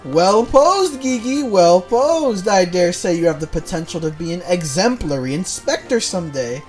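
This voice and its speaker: A grandiose male inspector from a fantasy game, booming out his lines with pompous flair, as a man puts him on. His pitch leaps up and down with theatrical gusto, with faint music beneath. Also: lively intonation, moderate pace. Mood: bombastic. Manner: bombastic, declamatory.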